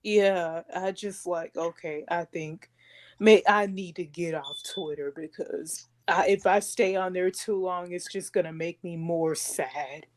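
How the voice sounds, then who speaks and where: A woman co-hosting a podcast in casual chat, soft-spoken and hesitant. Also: lowish voice, steady tone, measured pace. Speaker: podcast co-host.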